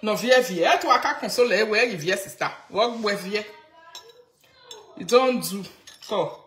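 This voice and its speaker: Speaking at normal speed in a mid-range voice, this social media commentator from Nigeria mocks and rants animatedly on a live video. She mixes Pidgin with local languages, and the recording is reverberant.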